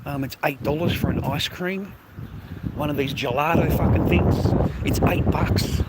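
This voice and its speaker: A man's voice: a little high, moderate pace, very noisy. A middle-aged Australian man vlogging outdoors on a phone, swearing constantly and tagging mate onto nearly every line. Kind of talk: rambling street vlog. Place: outdoors on city streets.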